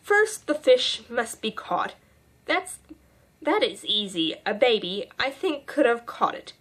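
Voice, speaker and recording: A woman's voice: a little high, very animated, a bit bright, full character voice. A woman doing a cooing, dreamy queen. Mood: sing-song. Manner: slow, cooing and wavering. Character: dreamy, fussy, gentle old queen. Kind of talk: audiobook reading.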